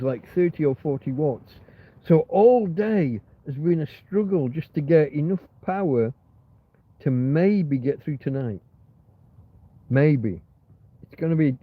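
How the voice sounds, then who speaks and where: Rambling man on a tinny livestream. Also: fairly high pitch. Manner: rambling, swears a lot, reads chat aloud. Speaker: livestream host. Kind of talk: casual livestream chat. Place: in bed in a van or caravan. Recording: tinny phone-like sound.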